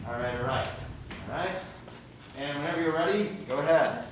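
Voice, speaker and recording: An improv teacher running a class showcase, calling freezes and cues in a brisk, encouraging way. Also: medium pitch. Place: school theatre hall. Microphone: far room mic. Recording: echoey, distant, noisy hall recording.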